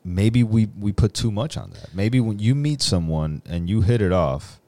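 A man in casual chat, musing in a philosophical way with drawn-out phrases and many fillers. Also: on the low side, animated, mellow, no room sound.

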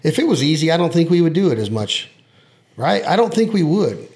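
Male podcast host, a bit high-voiced, emphatic and salty, casual hunting talk. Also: very animated, a little fast, darkish tone. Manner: emphatic, swears freely, ribbing.

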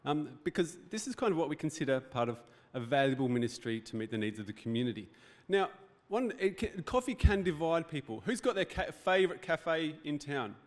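A man gives a church sermon, talking in a loose, joking way and putting questions to the room. His voice sits a little high for a man. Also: expressive, fairly quick, few pauses. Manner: conversational, joking preaching with rhetorical questions. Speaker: pastor. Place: church hall.

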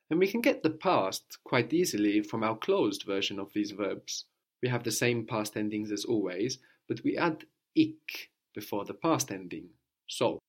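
A man teaching a spoken language lesson, patiently explaining and often checking with "no?". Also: fairly low pitch.

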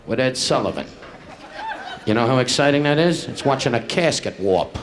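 A man's voice: mid-range voice, expressive. A man doing insulting stand-up crowd work on a nightclub stage, firing barbs at audience members. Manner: insulting, rapid-fire banter with the audience. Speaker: stand-up comedian. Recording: noisy 1960s live album recording.

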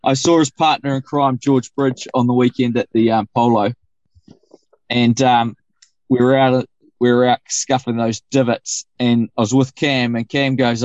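A man's voice: mid-range voice, fairly even intonation, moderate pace, darkish tone, dry recording, dull audio. A New man co-hosting a podcast, telling rowdy, sweary stories. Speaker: podcast co-host. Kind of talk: casual anecdote telling.

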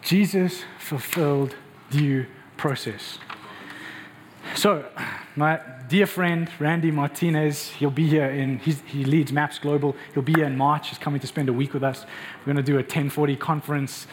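A man's voice: fairly high pitch, level tone, normal speed, a little hiss or hum. A man preaching a passionate, emphatic sermon and speaking directly to his congregation in a church. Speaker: pastor.

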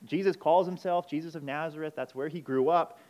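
A man preaching a sermon, emphatic, moving between urgent loud passages and quiet intense ones. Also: a little high, brisk, highs cut off. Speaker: pastor.

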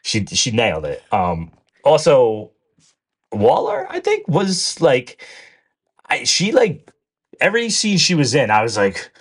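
A man's voice: mid-range voice, slow pace, slightly rough. Rambling man in casual chat. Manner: rambling, animated, swears casually. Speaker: podcast co-host.

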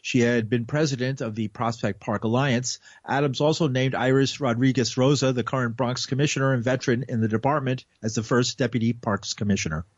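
A man's voice: medium pitch, fairly even intonation, no room sound. New man reading radio news. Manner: measured, with halting fillers when ad-libbing. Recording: muffled lo-fi radio broadcast.

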